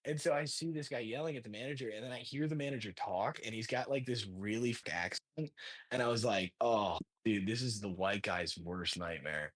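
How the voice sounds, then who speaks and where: A man, a stand-up comedian guest, telling an animated story with laughs and acted-out quotes. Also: lowish voice, brisk. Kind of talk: casual storytelling.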